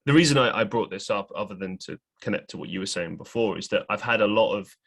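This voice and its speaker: A man's voice: fairly low pitch, quick pace, vocal fry, a bit bright, breathy edge. A man hosting a podcast, talking casually and frankly, with a slightly irritated, ranting manner. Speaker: podcast host.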